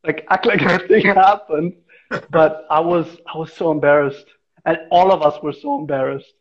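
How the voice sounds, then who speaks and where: A man grown up in India speaks as a guest in a relaxed interview. He tells anecdotes with energy, acting out the voices in them. His voice sits somewhat high, and the recording sounds dull and lo-fi. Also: moderate pace. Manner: animated storyteller who acts out the voices in his anecdotes. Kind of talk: casual interview storytelling.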